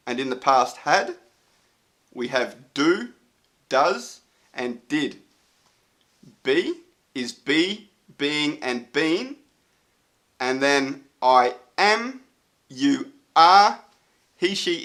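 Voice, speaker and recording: A man's voice: a little high, a bit bright. A man teaching English grammar in a casual online lesson, explaining step by step with frequent fillers. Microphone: solo video recording.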